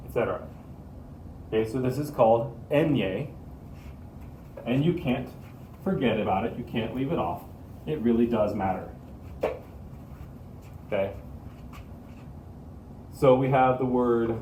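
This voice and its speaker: A male teacher explains pronunciation to his students with steady patience, saying each key point twice. He is heard from a little way off in an echoing room with a faint hum behind him. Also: mid-range voice, normal speed, long pauses, far from the mic. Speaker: Spanish teacher. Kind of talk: classroom lesson to students.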